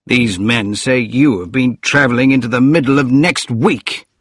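A man voicing a brash newspaper editor, speaking louder and more insistently than the narration. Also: mid-range voice, moderate pace, slightly rough, dry recording, studio quality, pitched above the performer's own voice. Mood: pressing. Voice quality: loud and insistent.

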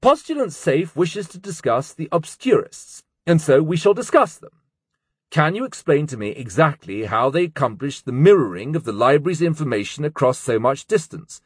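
A man's voice: on the high side, very animated, normal speed, breathy edge, dry recording, studio quality, pitched above the performer's own voice. A man voicing a stern, cold older male scholar in an audiobook, with a clipped, cutting manner. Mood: lecturing. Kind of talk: audiobook character voice.

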